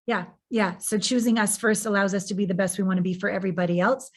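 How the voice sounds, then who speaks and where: A woman's voice: mid-range voice, steady tone, quick pace. A woman hosting a podcast in casual conversation, talking reflectively and humming "mm" in agreement. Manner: reflective, lots of soft "mm" agreement. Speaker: podcast host.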